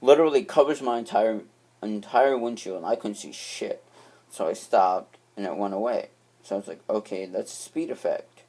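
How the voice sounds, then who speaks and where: Low-voiced young man rambling through a story. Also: moderate pace, a little mellow. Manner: rambling, with frequent restarts and swearing. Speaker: vlogger. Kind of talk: casual storytelling.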